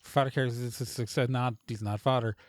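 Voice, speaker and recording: A man's voice: mid-range voice, fairly even intonation, fast talker, dry recording. A man running a tabletop game as game master, narrating in a rambling way full of fillers and restarts. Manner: rambling, self-interrupting narration with many fillers.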